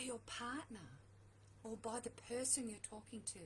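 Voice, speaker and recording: A woman's voice: on the high side, normal speed, a little hiss or hum, low-quality recording. A middle-aged woman coaching viewers on relationships, talking earnestly and repeating her key points for emphasis. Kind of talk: direct-to-camera advice talk.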